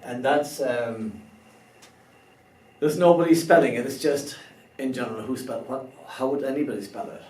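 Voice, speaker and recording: A man teaching a beginner language lesson, slow and careful, spelling out words letter by letter. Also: medium pitch, a little mellow. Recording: roomy echo, somewhat far from the mic.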